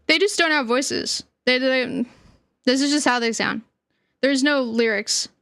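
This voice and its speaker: Young female streamer, high voice, slow unhurried delivery, giggly and rambling, dry close sound. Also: a bit bright, no echo. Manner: giggly, laughs often, trails off mid-sentence. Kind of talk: casual livestream chat.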